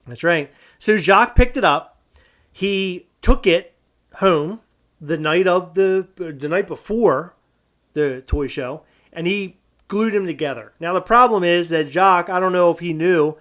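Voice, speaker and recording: A man co-hosting a podcast, telling a story in casual chat and acting out quoted lines loudly. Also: on the high side. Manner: animated, acts out quotes loudly. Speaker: podcast co-host.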